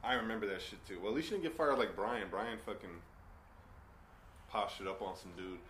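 A man hosting a podcast in casual chat, joking, swearing, and telling animated stories. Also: on the low side, brisk. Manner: profane, joking, animated storytelling. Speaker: podcast host. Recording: echoey room with faint background noise.

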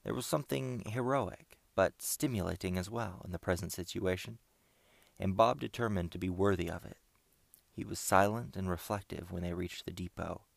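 In a close, dry recording with no room sound, an audiobook narrator with a very low, gravelly voice reads a storybook chapter. His scripted narration is steady and measured.

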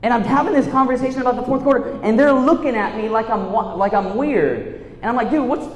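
A man giving a storytelling sermon, swinging from lively tales to a hushed, earnest tone. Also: very high-pitched, brisk. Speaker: youth speaker and teacher. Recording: echoey hall with long reverb.

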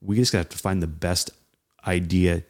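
A man co-hosting a casual talk on leadership, animated and often acting out what people say. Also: low-pitched, moderate pace. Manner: animated, acts out quoted voices. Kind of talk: casual conversation about leadership.

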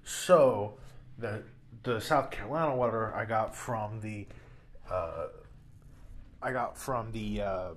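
A man's voice: fairly low pitch, slow, pauses often, slight background noise. A young man casually rambling through a story in a hotel room, full of restarts and fillers. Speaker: vlogger.

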